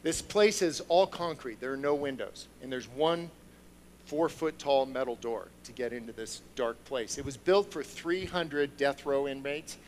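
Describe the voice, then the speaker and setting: A man giving a sermon through personal stories, moving from hushed storytelling to loud, excited preaching before a congregation. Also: mid-range voice, unhurried, a little hiss or hum, rough recording. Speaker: lay speaker. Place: church sanctuary with a congregation.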